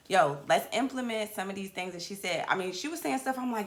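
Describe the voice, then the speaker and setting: Loud, animated woman host. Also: mid-range voice, quick pace, few pauses, echoey room. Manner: loud, animated, chatty and rambling. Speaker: talk show host and comedian. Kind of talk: casual talk show chat.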